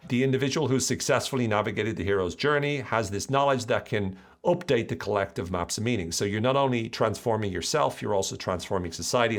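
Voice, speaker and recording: Low-voiced man explaining ideas casually. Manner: animated, self-deprecating asides. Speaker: podcast host.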